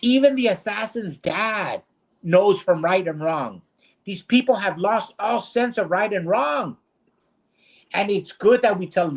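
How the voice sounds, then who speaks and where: A man's voice: high voice, expressive, measured pace, gravelly. A man co-hosting a streamed talk show, ranting bluntly and indignantly in casual discussion. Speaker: co-host.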